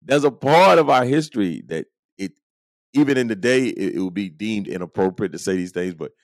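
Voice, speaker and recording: A man hosting a casual talk show, telling stories in an animated way and acting out his friends' lines with quick laughs. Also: fairly low pitch, dry recording. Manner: animated, acts out quoted friends, chuckles often. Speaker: podcast host. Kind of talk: casual storytelling monologue.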